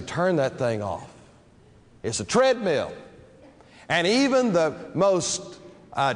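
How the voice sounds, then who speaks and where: A man preaching from the pulpit, his voice sitting a little high for a man. He draws out key words slowly and then rushes through stories. The sound rings with the long reverb of a big sanctuary. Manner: dramatic pulpit delivery with slow, emphatic phrases. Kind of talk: sermon. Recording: long reverb of a large hall.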